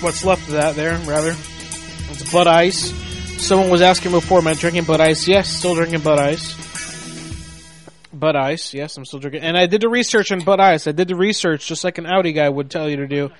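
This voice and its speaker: Chill guy host rambling on a late night show, kinda higher voice, music going behind him. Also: fairly even intonation, a little fast. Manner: rambling, laid-back storytelling. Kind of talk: casual late-night chat.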